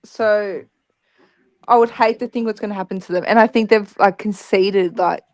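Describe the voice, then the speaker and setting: A woman's voice: mid-range voice, steady tone, normal speed. A woman co-hosting a casual sports chat, upbeat and giggly, thinking aloud with fillers. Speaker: podcast co-host.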